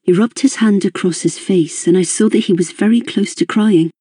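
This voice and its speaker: An audiobook narrator giving a measured, introspective first-person reading of a novel. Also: mid-range voice, warm tone, husky, dry recording, clean studio sound.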